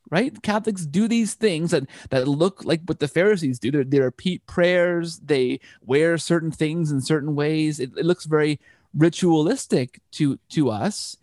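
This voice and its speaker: A man's voice: fairly high pitch, a little mellow, no room sound, clean studio sound. Rambling man telling his story. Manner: rambling, frequent restarts. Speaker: interview guest. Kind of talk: conversational storytelling.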